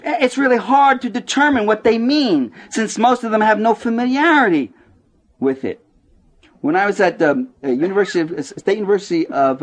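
A man giving a talk about his book in a bookstore, an animated storyteller who jokes, acts out quoted voices and restarts his sentences. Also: sits high.

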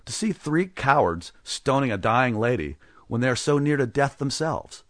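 A man's voice: medium pitch, sing-song, no echo, studio quality. A man reading the part of a supernatural young stranger who speaks pleasantly and mockingly in a storybook reading. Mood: calmly ominous. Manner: pleasant, scoffing, unhurried.

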